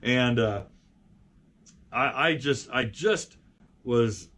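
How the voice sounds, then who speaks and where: A man's voice: mid-range voice, extremely slow. Man telling a rambling garage story. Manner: rambling, with fillers and lively acted quotes. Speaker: car magazine editor. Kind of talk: casual anecdote storytelling.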